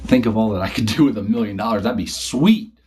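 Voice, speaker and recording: Guy doing an unsure bro, low mumbly husky voice. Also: fast, darkish tone. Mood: hesitant. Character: young man, hesitant brother.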